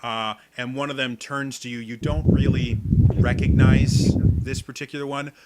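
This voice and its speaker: A man's voice: medium pitch, little pitch movement, normal speed, very noisy. A man narrating as game master of a tabletop game, describing scenes with many fillers.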